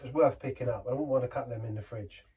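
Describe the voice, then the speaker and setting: A man casually reviews a beer, rambling, trailing off and restarting mid-sentence. His husky, medium-pitched voice is mellow and fast, and he sits back from the mic, so he sounds a bit distant.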